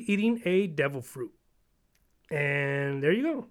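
A man's voice: fairly high pitch, lively intonation, slow pace, long pauses, smooth. A man in casual chat, rambling and swearing as he retells stories and acts out bits of dialogue. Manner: rambling, profane, acts out quoted voices.

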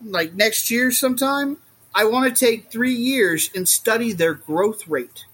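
Man, husky voice, rambling, animated, casual podcast guest. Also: very high voice, measured pace. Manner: rambling and animated, acts out quotes. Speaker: guest, reptile keeper.

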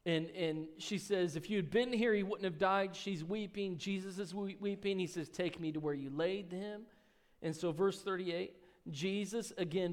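Male pastor, high voice, sermon with scripture reading and asides, church hall reverb. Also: a little mellow. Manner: reads scripture aloud, then explains in casual asides; rises in pitch and volume on key lines. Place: church sanctuary.

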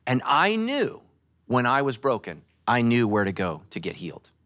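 A male pastor giving a sermon at a church service, joking and telling animated stories. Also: medium pitch, normal speed. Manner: animated, joking, storytelling preacher.

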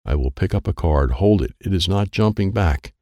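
Low creaky male storybook reader, lively pitch, dry close sound. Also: normal speed, no echo. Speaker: storybook narrator. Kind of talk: first-person children's story reading.

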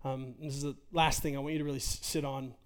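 A man's voice: mid-range voice, little pitch movement, fast talker. A man in his forties preaching an earnest, conversational sermon as a pastor, full of rhetorical questions.

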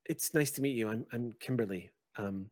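A man's voice: mid-range voice, normal speed, darkish tone, dry recording, lightly acted. A man voicing a dazed, nervous young female student who stammers and apologizes.

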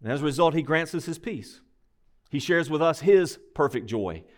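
Here a pastor gives a sermon, using a lively, higher male voice. His style is emphatic and deliberate, and he keeps asking rhetorical questions.

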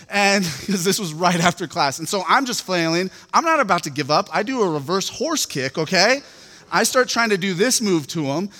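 High-voiced man preaching in a reverberant hall. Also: sharp tone. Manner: casual, storytelling with many fillers. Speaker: pastor. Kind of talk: sermon.

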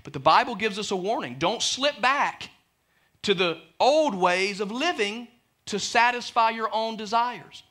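A man's voice: high-pitched, normal speed, fairly bright tone. A man preaching a sermon as pastor, emphatic and speaking straight to the congregation with frequent asides and repeated words. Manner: repeats words when building a point.

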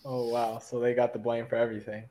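A podcast co-host chatting casually, reacting and laughing easily. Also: male voice, medium pitch, little pitch movement, fast talker, dark tone, low-quality recording. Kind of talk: casual chat.

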